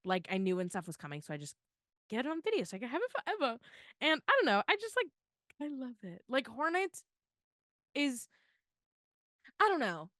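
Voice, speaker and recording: High-voiced and fairly quick, she speaks with long pauses on a dry, studio-quality recording. She's a young Floridian podcast co-host who chats casually, gushing emotionally with tearful excitement and saying "like" constantly.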